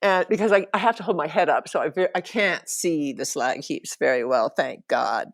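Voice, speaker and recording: Speaking at a normal pace in a low, gravelly voice, this podcast storyteller is a middle-aged woman recounting a personal trip. Memories stir her emotions, and occasional laughter breaks through.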